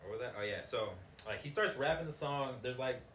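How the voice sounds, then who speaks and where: A man's voice: medium pitch, lively intonation, a little fast, a bit bright. A young man co-hosting a casual podcast, telling a story in a laid-back way with lots of fillers. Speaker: podcast co-host. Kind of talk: casual chat. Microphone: backup recorder, not the new mics. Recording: roomy, distant, faint noise.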